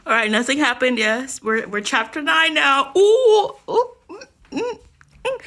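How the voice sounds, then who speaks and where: A young woman vlogging casually about a book she is reading, animated and exclamatory, talking from a small closet. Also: high-pitched, unhurried. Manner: animated, exclamatory, chatty with frequent "like". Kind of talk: casual reading reaction vlog. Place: small closet next to a bathroom.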